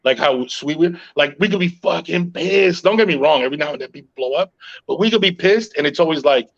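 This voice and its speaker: Calm-talking man host, slightly high pitch. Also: brisk, dull audio. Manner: calm, even-tempered storytelling with frequent "yo" and profanity. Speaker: podcast host. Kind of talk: casual podcast chat.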